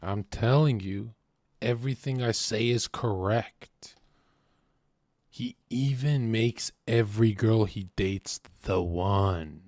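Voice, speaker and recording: A man's voice: fairly low pitch, darkish tone, dry recording, clean studio sound. A man hosting a podcast, lecturing bluntly and with total self-assurance. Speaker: podcast host. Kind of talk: opinionated commentary.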